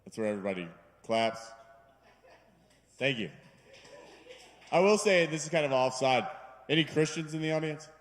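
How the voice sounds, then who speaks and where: A man's voice: a little high, lively intonation, moderate pace, pauses often. A man doing a self-deprecating, rambling stand-up set on a bar stage, putting on voices for his jokes. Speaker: stand-up comedian. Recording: live room with long reverb.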